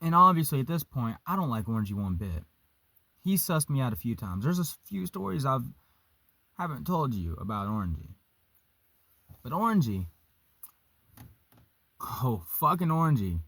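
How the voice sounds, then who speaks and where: A young man casually telling a story, profane and animated, vaping as he talks. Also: mid-range voice, normal speed, long pauses, no echo. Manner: vaping while talking.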